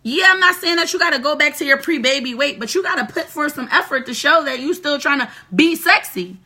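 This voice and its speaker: Brash, bright-voiced woman giving advice. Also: high-pitched, fairly quick. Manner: profane, brash, animated and lecturing. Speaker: relationship advice host; mother of two. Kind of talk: blunt advice monologue.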